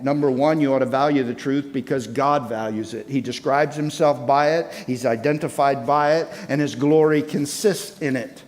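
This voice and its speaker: Male conference preacher, emphatic and methodical, raised pitch, reverberant sanctuary sound. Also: measured pace. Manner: emphatic, enumerating points, reads scripture aloud. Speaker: conference speaker. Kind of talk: sermon. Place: church sanctuary. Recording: long hall reverb.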